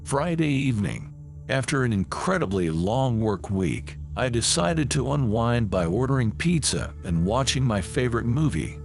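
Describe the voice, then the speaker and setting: A man reading a first-person horror story as scripted narration, with lively, dramatic delivery. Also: medium pitch, moderate pace, vocal fry, soft background music.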